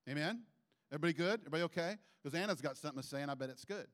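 A man preaching a sermon in church, animated and acting out little quoted voices as he goes. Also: racing. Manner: animated, acts out quotes with sudden pitch jumps. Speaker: pastor.

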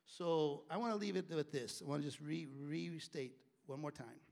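Gravelly middle-aged man preaching. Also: fairly high pitch, normal speed, a little mellow. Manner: conversational preaching that acts out quoted voices. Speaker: pastor. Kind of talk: sermon.

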